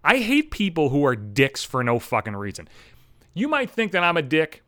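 A young man rants in a swearing, sarcastic stream, his pitch swinging up and down as he mocks what annoys him. His voice sits a little high for a man. The sound is dry and close, with no room behind it. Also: huge pitch swings, normal speed, bright, forceful tone, dry recording. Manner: ranting, profane, sarcastic, with mocking voices for others. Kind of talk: profane comedic rant.

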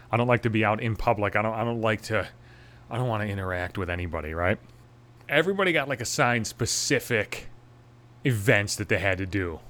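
A man's voice: fairly low pitch, a bit bright. Young man, podcast host, profane storytelling, sarcastic, crude. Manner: crude, sarcastic, heavy swearing.

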